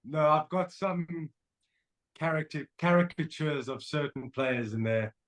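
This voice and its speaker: A man's voice: fairly high pitch, steady tone, measured pace. A man co-hosting a podcast in casual chat, speaking hesitantly with stumbling restarts. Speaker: podcast co-host.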